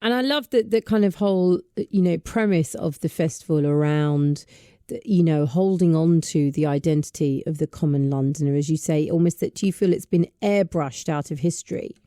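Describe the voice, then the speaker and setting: Low, mellow-voiced woman radio host. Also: moderate pace, dry recording, studio quality. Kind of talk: radio interview. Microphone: studio microphone.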